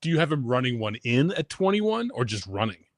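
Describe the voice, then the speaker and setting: Brisk man hosting a sports podcast. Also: mid-range voice, very animated. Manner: brisk, runs the draft order, teasing. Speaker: podcast host. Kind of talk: casual sports betting chat.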